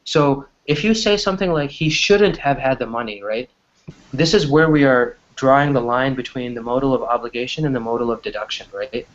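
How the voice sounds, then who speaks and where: A man's voice: mid-range voice, fairly quick. A man teaching an online English class, chatty and always checking in with "right?". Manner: chatty, keeps asking "right?". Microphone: video call. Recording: dull lo-fi video-call audio.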